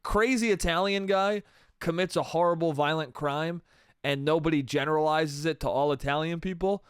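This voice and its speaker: Man, solo podcast monologue, rambling, swearing, says dude a lot, fairly high voice, smooth and dry. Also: moderate pace, dry recording. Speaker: podcast host.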